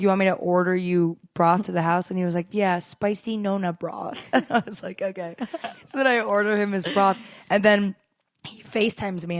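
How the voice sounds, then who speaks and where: A young woman co-hosting a podcast, telling stories in casual chat with quick laughs. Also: mid-range voice, dry recording, clean studio sound. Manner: chatty storytelling, quick laughs. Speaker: podcast co-host.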